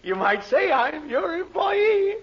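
A man playing a fawning, flustered shopkeeper with a husky voice, in 1940s radio comedy acting. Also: extremely high pitch, big pitch swings, slow pace, full character voice. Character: fawning, nervous male shopkeeper. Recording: dull 1940s radio broadcast.

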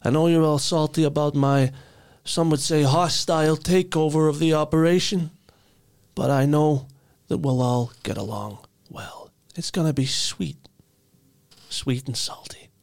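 A man doing a smug high-voiced Tooth Fairy mob boss. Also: steady tone, moderate pace, darkish tone, clean tone, close to an everyday voice. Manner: smug, raised theatrical voice.

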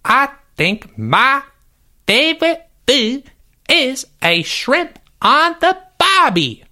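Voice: medium pitch, sing-song, moderate pace, bright, forceful tone. A performer voicing a cheerful, clueless boy character who rambles with lots of hesitations in a comedic Q&A. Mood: silly. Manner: rambling, playful, many hesitations.

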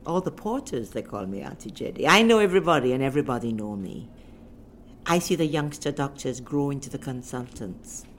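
Woman, middle-aged, emphatic, motherly, low pitch, lively intonation. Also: brisk, slight background noise. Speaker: hospital bereavement officer. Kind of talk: documentary interview testimony.

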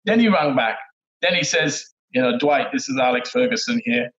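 A middle-aged man with a Trinidadian accent, telling stories as a guest in a relaxed, laid-back way, often laughing. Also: fairly high pitch, moderate pace. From Trinidad and Tobago. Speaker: guest, former footballer. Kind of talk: casual interview storytelling. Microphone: remote call audio. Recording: dull lo-fi call audio.

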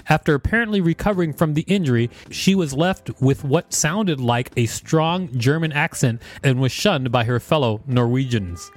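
A man co-hosting a podcast, reading facts aloud and joking around in casual chat. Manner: jokey, reads aloud with playful pitch swings. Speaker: podcast co-host.

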